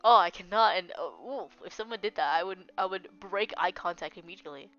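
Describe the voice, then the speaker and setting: A woman's voice: fairly low pitch, a little fast, a bit bright. A woman streamer making casual, joking comments while reading a visual novel aloud. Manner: chatty, joking reactions. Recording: dull lo-fi with faint music.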